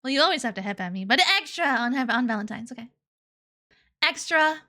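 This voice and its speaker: A woman's voice: fairly high pitch, lively intonation, a little fast, pushed and bright. A young woman streaming live, chatting casually and playfully with her chat, giggling and slipping into cutesy baby talk. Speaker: VTuber streamer.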